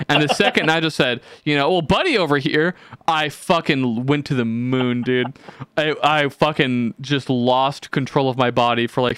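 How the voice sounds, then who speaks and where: A young man co-hosting a podcast, telling stories in casual chat, animated and swearing freely, acting out the people he quotes. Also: mid-range voice, smooth, no echo. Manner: swears a lot, animated storytelling with quoted voices. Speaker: podcast co-host.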